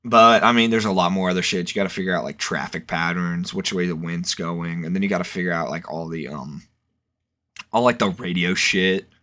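A man's voice: low voice, brisk, pushed and bright. A young man in casual chat, rambling and swearing, with lots of fillers. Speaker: podcast co-host.

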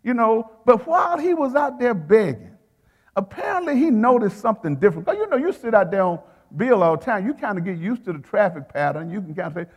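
A man's voice: high-pitched, very animated, quick pace, big-room sound. A male preacher delivering a sermon in a rhythmic, repeating style. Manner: rhythmic, repeats phrases, calls to the congregation.

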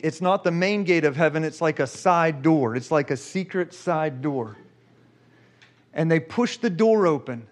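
A man preaching a sermon and telling a personal story, emotional and given to repeating himself. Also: sits high. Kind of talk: sermon testimony.

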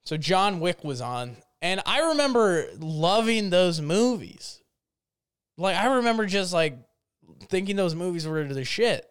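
A man's voice: high voice, animated, measured pace, clear, resonant tone, no room sound, studio quality. A young man telling a rambling, jokey story in a casual vlog, full of fillers and restarts. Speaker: vlogger.

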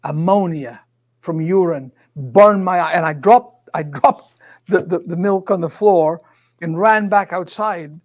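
A man in his sixties tells a personal story with lively animation, voicing each side of the conversation himself. His voice sits noticeably high for a man. He speaks from a studio microphone. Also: measured pace. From Scotland. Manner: animated storyteller, acts out dialogue. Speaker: minister and author. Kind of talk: storytelling testimony.

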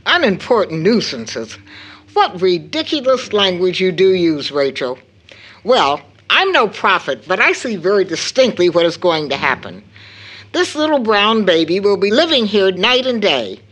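A woman playing a tired, proper middle-aged mother who gently scolds her daughter in a stage play reading. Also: mid-range voice, big pitch swings, measured pace, husky, exaggerated voice, low-quality recording. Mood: reproving. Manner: reproving, prim.

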